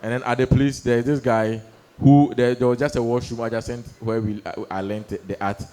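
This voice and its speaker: A young man doing stand-up storytelling on stage, animated, acting out voices and laughing through his lines. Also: mid-range voice, fairly quick. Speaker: stand-up comedian. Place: comedy stage before a live audience.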